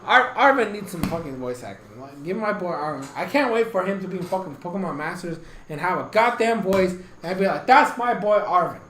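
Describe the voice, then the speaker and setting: A man's voice: sits high, lively intonation, fairly quick, few pauses, fairly bright tone, roomy sound, slight background noise, low-quality recording. A man giving a casual, rambling game review, swearing constantly and getting heated, with bursts of laughter.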